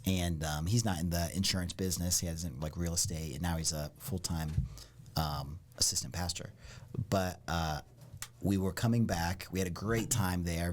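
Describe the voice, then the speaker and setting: A man from Ohio, a podcast guest, telling stories in a casual, animated way and often saying "like" and "dude". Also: sits low, a little fast. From Ohio, United States. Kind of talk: casual storytelling.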